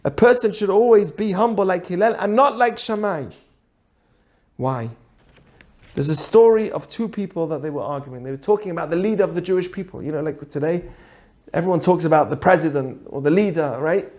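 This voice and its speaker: A man teaching through an animated story, acting out the characters as he goes. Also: high-pitched, a little fast. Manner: animated, acts out the voices in his stories. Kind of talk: storytelling lesson.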